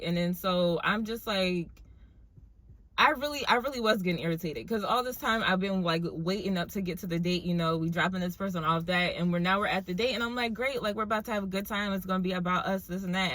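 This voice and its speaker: A young woman with a lowish voice tells her viewers a story in a casual, animated, chatty way, full of fillers.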